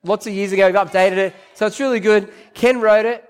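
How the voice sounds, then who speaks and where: A man's voice: sits high, steady tone, fairly quick, clear, resonant tone. An Australian man preaching a sermon to his church, telling personal stories and repeating key phrases for emphasis. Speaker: pastor. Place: church service.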